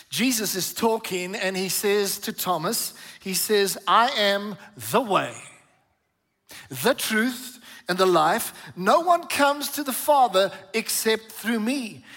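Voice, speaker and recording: A high-pitched man delivers a sermon in a slow, deliberate cadence, rising to forceful emphatic peaks and asking the congregation to respond. His voice rings with a long church-hall reverb. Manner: emphatic preaching, asks congregation to repeat. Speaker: pastor.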